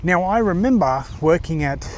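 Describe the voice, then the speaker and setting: A man in his forties with an Australian accent, vlogging in a casual, halting monologue full of fillers and restarts, from a car on the road. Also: on the high side, animated, a little hiss or hum. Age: 40s.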